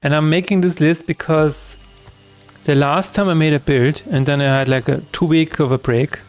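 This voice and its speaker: A man's voice: on the high side, fairly even intonation, moderate pace, a little mellow, clear, resonant tone, soft background music. A man streaming his game development work, talking through each step aloud in a chatty, self-correcting way. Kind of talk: live-streamed coding chat.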